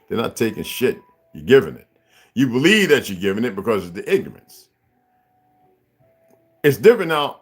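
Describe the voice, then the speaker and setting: A man hosting a livestream, talking casually to his viewers in a rambling, preachy and profane way. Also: deep voice. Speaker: livestream host.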